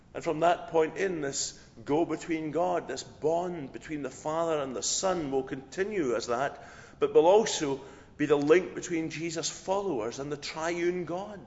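A hoarse man preaching a sermon as a pastor, measured and earnest. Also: fairly high pitch, a little mellow. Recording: dull lo-fi recording in a reverberant church.

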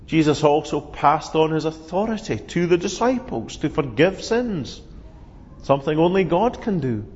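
A man preaching a sermon, telling the Easter story in an earnest, measured way. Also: a little high, animated, darkish tone, slight background noise. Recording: dull, reverberant hall sound.

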